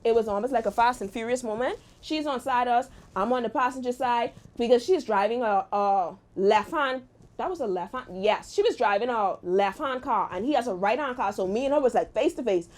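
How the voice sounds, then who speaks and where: A young woman hosts her show and tells a personal story in an animated, exclaiming way. Her voice sits a little high, and she speaks in a casual storytime monologue. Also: a little fast. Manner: lively, animated retelling with exclamations. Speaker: host.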